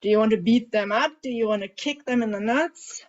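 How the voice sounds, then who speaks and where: A woman coach leads a group tapping session with calm, guiding instructions and keeps asking the group questions. Her voice sits a little high. The audio is dull and lo-fi, as from an online session. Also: a little fast.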